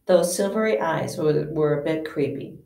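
A woman's voice: low voice, normal speed, creaky, warm tone. A woman, a teacher, reading a novel aloud in an unpolished way, with frequent slips and restarts. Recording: echoey room, distant mic.

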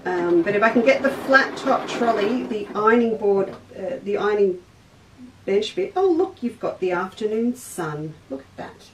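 A woman's voice: mid-range voice, big pitch swings, moderate pace, far from the mic, slight background noise. An Australian woman hosting a casual livestream sewing class, chatting and rambling, talking to viewers by name. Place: indoor craft studio. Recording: echoey room, voice off-mic.

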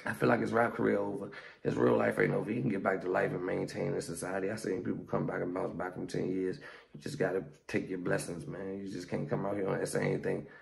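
A young man, ranting casually to camera in a slangy, animated vlog. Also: low-pitched, fast talker, gravelly. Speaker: YouTuber.

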